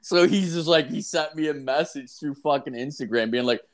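A man's voice: on the high side, brisk. Young man telling crude stories, swearing. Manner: crude storytelling, heavy swearing and filler. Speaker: podcast co-host. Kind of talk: casual podcast chat.

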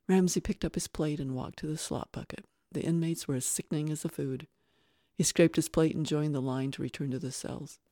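An audiobook narrator reading a thriller in a measured, steady storytelling voice. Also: medium pitch, no echo, studio quality.

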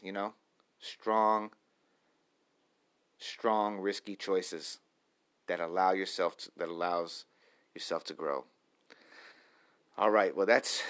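A man in his late thirties talking to camera in a rambling, self-reflective daily vlog, repeating himself as he thinks out loud. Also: low-pitched, unhurried, long pauses. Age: 30s. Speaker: vlogger. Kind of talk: stream-of-consciousness daily vlog.

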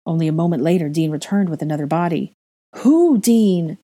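Low, mellow woman reading a story aloud. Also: little pitch movement, very fast. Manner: emotional, raises voice sharply for dialogue. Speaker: fan fiction reader. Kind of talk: storybook narration with character voices.

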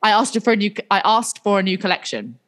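A woman's voice: medium pitch, lively intonation, fast talker. A woman chatting casually on a podcast, frank and bawdy, joking and slipping into silly quoted voices. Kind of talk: casual chat.

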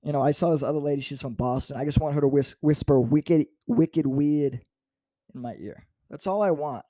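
A man's voice: a little high, fast talker, dark tone, dry recording, studio quality. A man in his twenties, a stand-up comedian, telling self-mocking stories in a playful monologue with swings in volume. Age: 20s.

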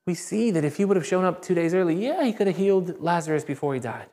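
A man preaching a sermon in a lively, conversational way. He acts out quoted voices and calls on the congregation to answer him. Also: high-pitched, fast talker. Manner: asks the congregation for call-and-response. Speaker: pastor. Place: church service.

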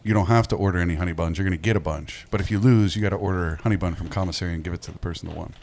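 A man's voice: sits low, very fast, a little mellow. A man co-hosting a comedy podcast, chatting and telling stories in an offhand, laid-back way. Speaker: podcast co-host. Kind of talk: casual banter.

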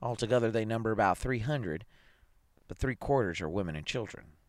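A man reading aloud, voicing an eager, chatty middle-aged male psychologist in a brisk, chirpy way. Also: on the low side, lively intonation, no room sound, clean studio sound, natural voice.

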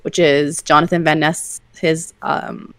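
A woman co-hosting a podcast, talking in a loose, rambling way full of "like" and "you know." Her voice sits on the low side. The recording is dry and close. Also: level tone, slow, no room sound. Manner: chatty, rambling, with filler words and giggles. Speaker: podcast co-host. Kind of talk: casual chat.

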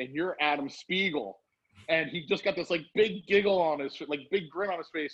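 A middle-aged man with a slightly rough, somewhat high voice rambles through a long story at a moderate pace in casual conversation. He's a storyteller guest, animated and acting out what people said. The recording sounds dull and lo-fi.

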